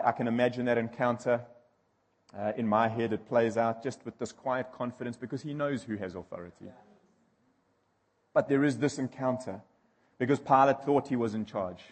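A man's voice: medium pitch, a little mellow, big-room sound. A male preacher delivering a sermon, emphatic and repeating key phrases as he builds intensity.

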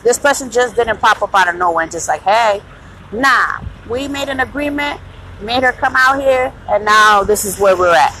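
Brief: woman, bit high-voiced, raw and profane, candid rant with faint road noise behind. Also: expressive, normal speed, poor audio. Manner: blunt, profane, laughs loudly. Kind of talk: casual profane monologue.

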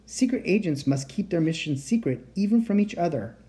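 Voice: mid-range voice, animated, brisk, mellow, pitched above the performer's own voice, lightly acted. A reader voicing a polite teenage boy enchanter who speaks in formal, old-fashioned phrasing. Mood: earnest.

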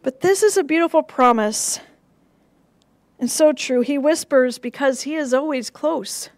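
A woman pastor delivering a sermon in a gentle, measured way, with rhythmic repeated phrases and soft drops for emphasis. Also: high voice, lively intonation, no room sound.

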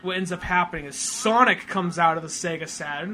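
A man co-hosting a podcast in casual chat, rambling and animated, swearing often. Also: sits high, fairly quick, a little hiss or hum. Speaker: podcast co-host.

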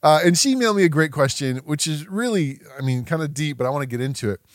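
A man's voice: on the high side, quick pace, dry recording, clean studio sound. A man in his thirties hosting a podcast, talking casually and animatedly, laughing often and poking fun at himself. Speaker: podcast host.

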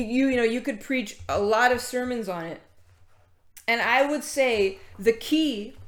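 A woman's voice: fairly high pitch, a bit bright. Chatty woman preaching in echoey room. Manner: conversational, many fillers and restarts, greets latecomers mid-talk. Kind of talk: casual sermon with scripture reading.

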